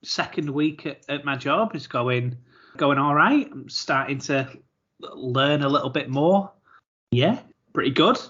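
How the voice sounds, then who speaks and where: A man's voice: on the high side, expressive, a little slow, a bit bright, lo-fi sound. A man, co-hosting a podcast in casual, rambling chat with easy laughs. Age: 30s. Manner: chatty, rambling, laughs easily, repeats words. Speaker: podcast co-host.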